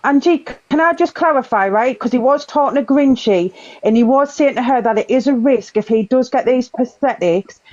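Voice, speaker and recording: A woman's voice: high-pitched, normal speed, darkish tone. A woman on a live stream who keeps cutting in to explain and clarify things at length. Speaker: daughter of the guest. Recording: lo-fi line.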